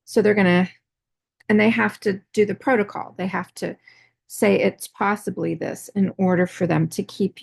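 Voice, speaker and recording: Middle-aged woman vlogging, kinda breathless, real gravelly fry and husky, rambly with tons of fillers. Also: fairly low pitch, darkish tone, no echo. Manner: rambling, many fillers and restarts. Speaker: artist vlogger. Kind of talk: casual personal storytelling.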